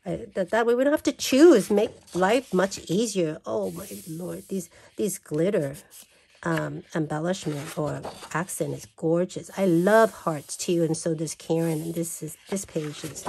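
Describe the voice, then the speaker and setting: A woman's voice: fairly low pitch, measured pace, creaky, a little mellow, slight background noise. A woman vlogger gushing and exclaiming as she unboxes and flips through craft paper. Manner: gushing, exclaims over everything. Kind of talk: casual unboxing chat.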